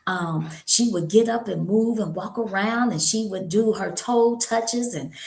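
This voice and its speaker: A woman's voice: medium pitch, unhurried, vocal fry, darkish tone. Chatty middle-aged woman, echoey room. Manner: chatty, folksy, calls listeners honey. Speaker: holistic wellness speaker. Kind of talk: informal health talk.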